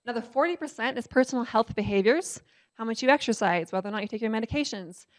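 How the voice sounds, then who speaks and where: A woman's voice: fairly high pitch, lively intonation, fast. A woman giving a public lecture in a conversational way, often checking with the audience and using filler words. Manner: conversational, asks the audience "right?"; frequent "um" fillers.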